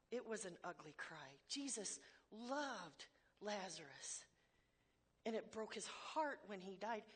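A woman's voice: mid-range voice, slightly rough. Woman preacher, candid sermon delivery, emphatic repetitions, self-deprecating humor. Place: church hall before a congregation.

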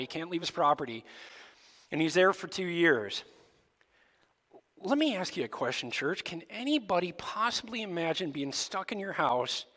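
A male pastor giving a sermon to his church, asking the congregation lively rhetorical questions. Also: high voice, long reverb tail. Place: church sanctuary.

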